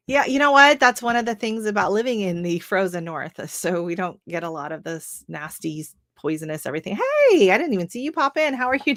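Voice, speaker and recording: Canadian woman, middle-aged, lowish voice, chatty livestream host, rambling with lots of fillers, dry close sound. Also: no room sound. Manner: chatty, rambling, laughs often, filler-heavy. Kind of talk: casual live-stream chat reading viewer comments.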